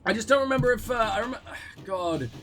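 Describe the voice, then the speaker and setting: High-voiced sweary gaming commentator. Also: male voice, animated, brisk, a bit bright, faint music behind. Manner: crude, sweary, sarcastic running banter. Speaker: gaming video host. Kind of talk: casual let's play commentary.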